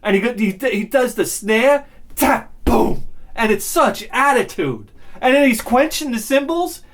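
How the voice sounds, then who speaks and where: A man talking in a rambling, excitable monologue about music, swearing freely and swinging between loud bursts and low muttering. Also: normal speed. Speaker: music and audio vlogger.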